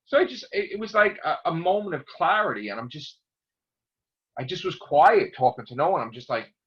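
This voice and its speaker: A man vlogging in an excitable, profanity-laden rant. His pitch leaps all over the place as he rambles. The recording sounds dull and lo-fi. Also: fairly quick. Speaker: YouTube vlogger. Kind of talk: casual rant to camera.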